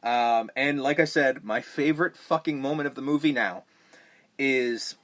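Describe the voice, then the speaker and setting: A man's voice: mid-range voice, moderate pace. Profane rambling man reviewing a movie. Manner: profane, rambling, animated when mocking scenes. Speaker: podcast host. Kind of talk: casual movie review chat.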